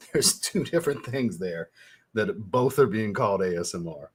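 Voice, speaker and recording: A man's voice: lowish voice, expressive, measured pace, slightly rough. A man hosting a fragrance livestream, chatting casually with viewers, laid-back, swearing freely and laughing often. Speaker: fragrance reviewer and channel host.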